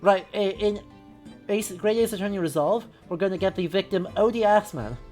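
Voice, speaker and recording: A woman's voice: mid-range voice, lively intonation, normal speed, darkish tone, soft background music. Sarcastic woman streaming a game. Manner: sarcastic, self-mocking, chatty. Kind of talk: casual gameplay commentary.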